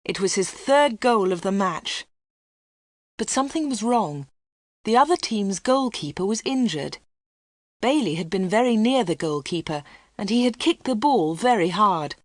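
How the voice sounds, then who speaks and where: Female narrator for a learner's storybook, steady clear reading, dry. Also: medium pitch, measured pace, no echo.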